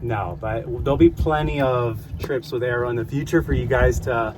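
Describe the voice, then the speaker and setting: A man's voice: mid-range voice, normal speed. A man hosting a fishing vlog, chatting casually and upbeat to viewers from a marina and a boat. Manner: upbeat, rambling, talks to viewers. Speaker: fishing channel host. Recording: outdoor wind and boat noise.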